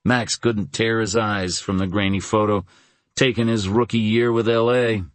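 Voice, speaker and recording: A man narrating an audiobook in a measured, dramatic storytelling manner. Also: lowish voice, little pitch movement, no echo. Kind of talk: scripted narration.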